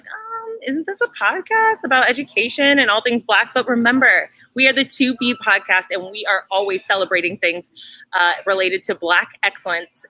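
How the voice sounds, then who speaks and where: A young woman co-hosting a casual podcast from a brewery, bubbly and quick to laugh, talking straight to her listeners. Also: mid-range voice, pushed and bright, poor audio. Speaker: podcast co-host.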